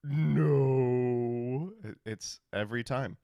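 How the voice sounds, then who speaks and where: A man streaming and casually chatting, answering viewer questions in a sardonic, profane, animated way. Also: mid-range voice, moderate pace, dry recording.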